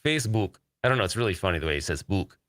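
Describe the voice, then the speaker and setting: A man's voice: low-pitched, expressive, very fast, a bit bright, no echo, clean studio sound. A man hosting a podcast live stream, talking casually in a rambling, upbeat way and reading viewer chat aloud. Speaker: podcast host.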